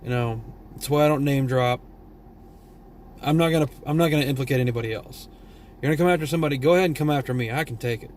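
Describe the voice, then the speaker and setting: A man's voice: mid-range voice, quick pace, a little mellow, a little hiss or hum. A tired man from Texas with a Southern drawl, vlogging a blunt, profane, rambling rant. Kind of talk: casual opinion rant.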